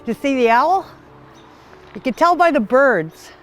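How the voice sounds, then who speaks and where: Slow, soft-spoken woman in her sixties. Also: high voice, lively intonation. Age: 60s. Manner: soft, heartfelt, emotional. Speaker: pig sanctuary owner. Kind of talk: casual documentary talk. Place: outdoors on a farm.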